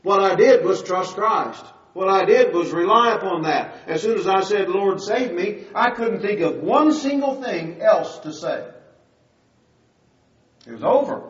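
High-voiced older man preaching, distant and roomy. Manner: conversational storytelling, rising to emphatic. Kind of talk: sermon with a personal testimony. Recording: distant, roomy, dull-sounding recording.

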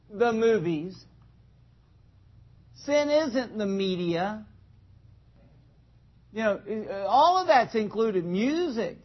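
A man with a very high voice preaches slowly and deliberately to his congregation. He talks to them directly, throws questions at them and acts out small scenes as he goes. The sound is dull and lo-fi. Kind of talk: conversational sermon. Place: church in front of a congregation.

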